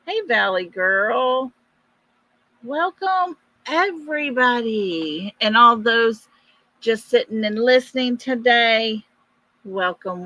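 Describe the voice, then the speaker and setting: A woman, hosting a casual live stream and chatting warmly with viewers by name. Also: medium pitch, no echo, lo-fi sound. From East Texas.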